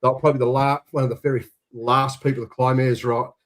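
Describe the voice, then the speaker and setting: An Australian man in his sixties telling a jokey yarn in casual chat, animated when he quotes others. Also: mid-range voice, fast. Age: 60s. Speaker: co-host.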